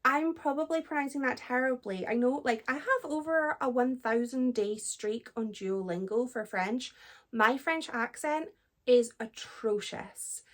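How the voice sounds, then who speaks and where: Chatty Scottish woman with a high voice. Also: measured pace. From Scotland. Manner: chatty, self-deprecating, laughs often. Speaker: book vlogger. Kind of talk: casual vlog chat.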